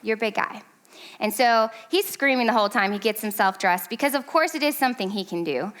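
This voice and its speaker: A woman's voice: lively intonation, fast, fairly bright tone. A woman in her thirties giving a casual, chatty talk to a parenting class, laughing often and playing out her own lines and her son's whiny ones. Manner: quotes her son in a high whiny voice. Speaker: speaker at a church parenting class.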